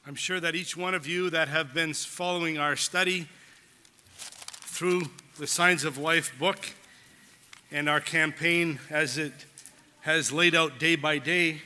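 A man's voice: on the high side, sharp tone. A man preaching a sermon as pastor, earnest and telling a story with quoted voices. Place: church hall. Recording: long church hall reverb.

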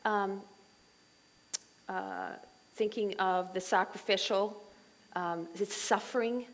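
A middle-aged woman leading a Bible study group in a chatty, animated way, full of asides and fillers. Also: medium pitch, takes it slowly, rough recording.

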